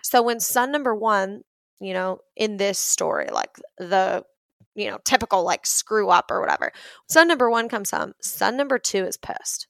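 A woman's voice: mid-range voice, moderate pace, gravelly, fairly bright tone, no echo. A young adult woman hosting a casual motivational talk, chatty and earnest, often using "like" as a filler.

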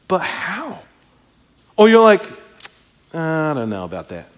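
A man preaching a sermon as a pastor, speaking conversationally and with animation, often stepping out for asides to the congregation. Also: high-pitched. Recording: long hall reverb.

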